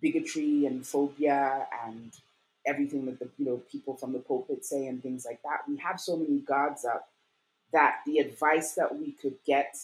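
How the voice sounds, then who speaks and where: A young adult woman telling a personal story in conversation, animated and full of fillers, acting out the voices of the people she quotes. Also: very deep voice, moderate pace, rough recording. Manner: animated, acts out quoted voices, many fillers like "like" and "you know". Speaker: guest.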